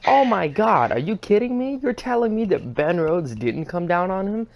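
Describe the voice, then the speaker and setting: A woman's voice: sing-song, moderate pace, vocal fry, a little mellow. A woman co-hosting a casual racing podcast, sarcastic and profane as she rants. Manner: sarcastic, profane, swinging from high to low. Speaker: podcast co-host. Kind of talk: casual sports podcast rant.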